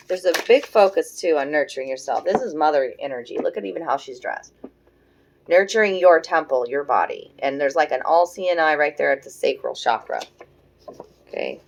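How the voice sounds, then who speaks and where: A woman with a low, deep voice reads tarot cards in a relaxed, conversational way. She muses softly and thinks out loud, pausing on fillers as she turns over each card. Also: gravelly, poor audio. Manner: soft, musing, thinks aloud with many fillers. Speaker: tarot reader. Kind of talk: casual tarot reading.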